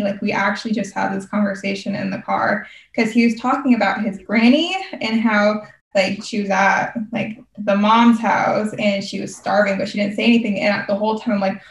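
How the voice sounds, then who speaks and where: A woman's voice: mid-range voice, steady tone, moderate pace. Chatty young woman, roomy and distant. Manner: rambling, heavy use of "like". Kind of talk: casual chat.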